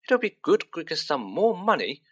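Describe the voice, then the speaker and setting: A man voices a sarcastic teenage wizard boy in a storybook reading, his voice pushed high. He grumbles and complains in a bright tone. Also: very animated, moderate pace. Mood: eager.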